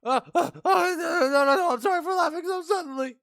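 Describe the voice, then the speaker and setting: A man's voice: very high voice, fairly quick, fairly bright tone, no room sound, studio quality, pitched above the performer's own voice. A man voicing a timid, apologetic young nurse girl from a game, stammering and pleading nervously. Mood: nervous happy.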